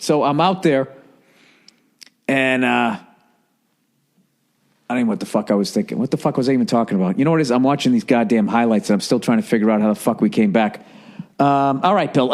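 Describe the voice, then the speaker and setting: A man, talking in a rambling, profane, animated monologue as a podcast host. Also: mid-range voice. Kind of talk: casual monologue.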